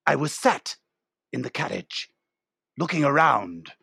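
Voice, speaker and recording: A man's voice: medium pitch, very animated, a little slow, gravelly, sharp tone, breathy edge, dry recording, clean studio sound, full character voice. A man playing a pompous, rambling author being interviewed in an improvised comedy. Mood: storytelling. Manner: rambling, self-satisfied improv guest. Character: pompous male author of a train murder novel.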